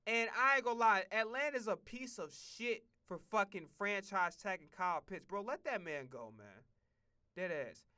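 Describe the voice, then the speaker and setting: A man streaming casual sports commentary, profane and rambling, with excitable outbursts. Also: high-pitched, moderate pace, clean tone.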